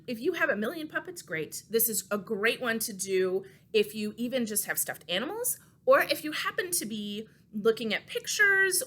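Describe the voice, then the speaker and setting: A young adult woman, a children's librarian leading a baby storytime with songs and puppets, gentle and playful in a sing-song way. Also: fairly high pitch.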